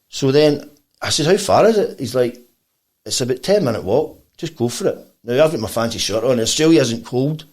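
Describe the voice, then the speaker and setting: A Scottish man, a bassist guesting on a podcast, tells a long, animated story full of quoted voices and laughter. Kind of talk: casual storytelling.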